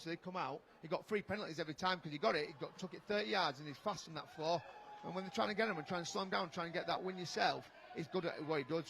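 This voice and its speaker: A man's voice: vocal fry, fairly bright tone. A man with a Yorkshire accent doing live match co-commentary as a former player, chatty, blunt and joking. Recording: noisy pitchside ambience.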